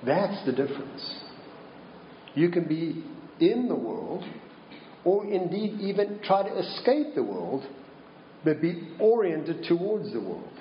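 A man preaching a sermon slowly and deliberately, posing rhetorical questions to his congregation. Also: a little high, very animated, reverberant, lo-fi sound, a little hiss or hum. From Minnesota.

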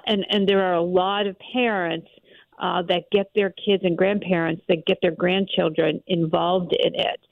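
A woman's voice: fairly low pitch, gravelly, no echo. A woman in her sixties from Western Pennsylvania, a columnist telling a story with emphatic enthusiasm. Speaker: newspaper columnist, guest. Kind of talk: casual interview. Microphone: phone. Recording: tinny phone line.

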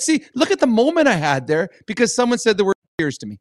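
A man with a high voice for a man teases his co-host on a casual podcast. He spins playful little stories to make his point. His voice sounds close and dry, with no room around it. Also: wildly swooping pitch, fast, dry recording. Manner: teasing, playful storytelling.

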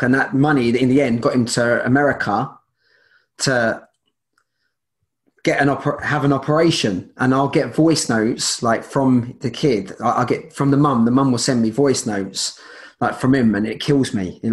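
A man's voice: mid-range voice, moderate pace. A man speaking as a guest in a casual interview, rambling with many restarts and fillers.

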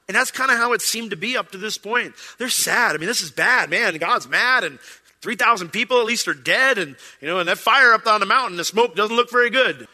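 A man preaching a sermon as pastor, animated and acting out quoted lines. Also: high voice, in a large hall.

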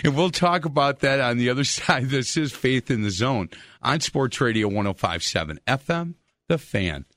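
A man's voice: medium pitch, moderate pace, no room sound. Chatty male sports radio host. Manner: chatty storyteller, lively. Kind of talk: sports radio talk show.

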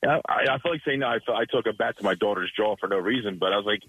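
A man's voice: on the low side, husky, no room sound. A man calling in to a radio show, telling a story about his daughter in a rambling way full of fillers. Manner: rambling, fast, full of you-knows. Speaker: caller. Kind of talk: phone-in story. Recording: muffled phone-in line.

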